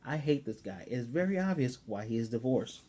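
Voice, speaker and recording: A man's voice: medium pitch, expressive, fairly quick, noisy background. A man casually recapping and reviewing an anime episode, chatty and opinionated, with frequent fillers.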